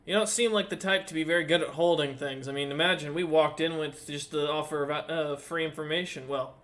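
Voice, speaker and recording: A man's voice: a little high, fairly even intonation, a little fast, a bit bright, close to an everyday voice. A man voicing a brash, short female half-orc leader who mocks and teases in a tabletop game. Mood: teasing. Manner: mocking, teasing, boisterous.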